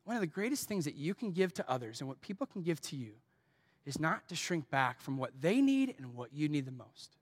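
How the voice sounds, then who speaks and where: A man's voice: on the high side, very animated, fairly quick. A man preaching a sermon as pastor, earnest and personal, asking his congregation direct questions and telling stories from his own life.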